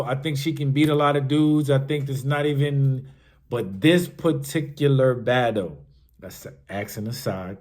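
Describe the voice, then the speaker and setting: A man hosting a podcast, giving casual, hyped-up commentary on battle rap that swings from shouts to murmurs. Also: a little high. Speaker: podcast host.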